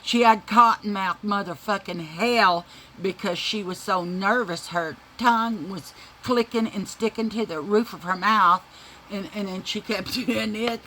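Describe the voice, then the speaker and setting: Bright-voiced woman telling a laughing story. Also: medium pitch, slight background noise, rough recording. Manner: profane, laughs through her story; chatty, folksy, addresses viewers as y'all. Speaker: vlogger telling a family story. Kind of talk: casual storytelling to viewers.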